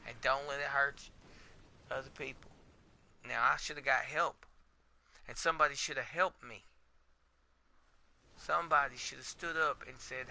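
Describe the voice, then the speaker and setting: A podcast host tells his story in a candid monologue. His voice is very bright and cutting, at a mid pitch. He talks bluntly and swears often, and his delivery stays emotionally raw. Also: unhurried, vocal fry, long pauses.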